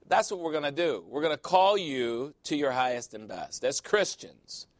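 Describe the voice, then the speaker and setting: An animated male pastor preaches with a slightly high voice, telling stories and slipping into playful quoted voices. The sound is dry and close, with little room around it. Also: normal speed, few pauses, no echo. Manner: animated storytelling, quotes people in voices, laughs often. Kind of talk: sermon.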